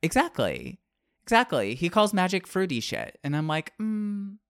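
Animated, sarcastic man reviewing a book. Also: fairly high pitch, normal speed, dry recording, clean studio sound. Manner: animated, sarcastic, swings between loud and muttered asides. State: wired on caffeine. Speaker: podcast co-host. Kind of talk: casual book review chat.

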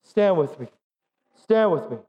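A man's voice: sits high, animated, a little slow, mellow, dull audio. A middle-aged man preaching a Pentecostal sermon as pastor, exhorting the congregation to respond and joking at his own expense. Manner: exhorting, calls for audience response; self-deprecating humor. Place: church sanctuary.

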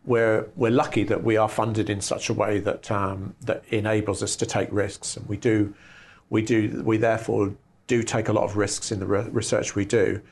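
A man's voice: fairly low pitch, flat delivery, normal speed, darkish tone. A middle-aged man who directs a research institute, answering interview questions with enthusiastic explanations.

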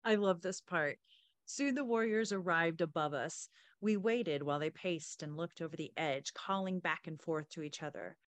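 A woman podcast host reading a story aloud in a steady, engaged way. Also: lowish voice, moderate pace, no echo.

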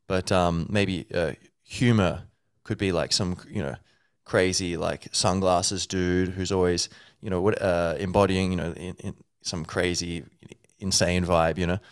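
A man's voice: low voice, gravelly, clean tone, no room sound, clean studio sound. A man hosting a podcast, thinking aloud in a rambling, playful way with many fillers. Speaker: podcast host. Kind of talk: casual solo talk.

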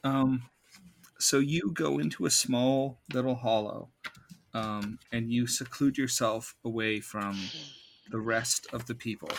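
A man running a tabletop game as game master, narrating slowly with many pauses and ums. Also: mid-range voice, a little hiss or hum. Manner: slow, halting, with many ums.

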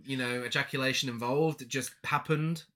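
A man's voice: medium pitch, steady tone, fairly quick, bright, forceful tone. A man co-hosting a podcast, chatting casually about a film with crude, sarcastic, mock-outraged questions. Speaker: podcast co-host. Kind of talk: casual film review chat.

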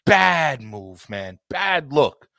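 A man's voice: on the high side, sing-song, very slow, gravelly, pushed and bright, no room sound, studio quality. A man hosting a casual football talk show, ranting passionately and swearing freely. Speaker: podcast host.

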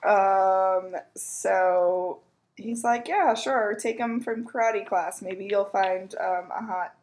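A woman's voice: takes it slowly, darkish tone. A woman co-hosting a podcast, casually recapping a TV episode and laughing as she mimics the characters. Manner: giggly, acts out characters' lines with pitch jumps. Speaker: podcast co-host.

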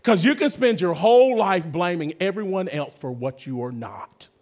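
High-voiced preacher. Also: male voice, normal speed. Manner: energetic preaching with sudden shouts and hushed drops, calls to the congregation. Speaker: pastor. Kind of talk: sermon.

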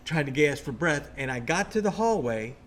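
A man in casual conversation, telling a ghost story in an excitable, rambling way with many restarts. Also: on the high side, moderate pace, slight background noise.

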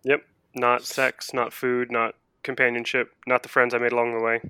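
Gravelly, bright-voiced man with dry wit. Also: medium pitch, level tone, moderate pace, no room sound. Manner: wry, sarcastic interjections. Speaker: podcast co-host. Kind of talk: casual chat.

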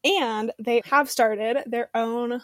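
A woman's voice: on the high side, fairly even intonation, slow, dry recording, studio quality. A woman hosting a book podcast, chatting casually with lots of fillers and giggles. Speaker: podcast host and romance author. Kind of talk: casual chat.

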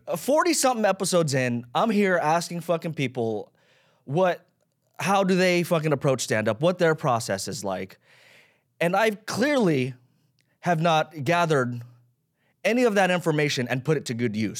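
A man in his thirties hosting his own podcast, ranting casually about himself, swearing and rambling. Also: on the high side. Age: 30s. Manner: self-deprecating, swearing, rambling. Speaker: podcast host. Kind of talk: casual solo rant.

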